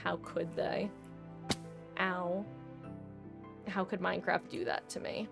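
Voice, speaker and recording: A woman's voice: fairly low pitch, level tone, slow pace, creaky, over music. A woman streaming a video game, chatting casually with her viewers in a dramatic, talkative way as she plays. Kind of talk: casual gameplay commentary.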